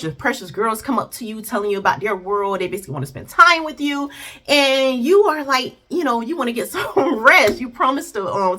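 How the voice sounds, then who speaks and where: A woman hosting a chatty recap, addressing her viewers directly with a lively, swinging pitch. Her tone is bright and a touch husky. She often talks back to the characters as she goes. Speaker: video reviewer and host. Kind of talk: casual recap chat.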